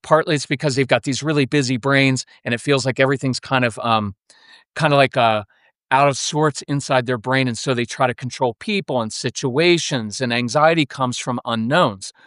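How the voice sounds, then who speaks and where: A middle-aged man talking as a podcast guest about parenting, animated and acting out little scenes of parent and child. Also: mid-range voice, normal speed, no room sound, clean studio sound. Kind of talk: casual interview conversation.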